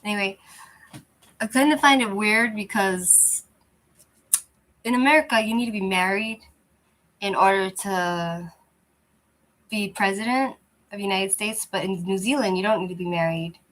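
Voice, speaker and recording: A woman's voice: medium pitch, normal speed, pauses often, fairly bright tone, rough recording. Rambling woman on a lousy mic. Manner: rambling, loose and chatty, often restarting. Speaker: channel host chatting with viewers. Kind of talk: casual livestream chat. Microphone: cheap, lousy microphone.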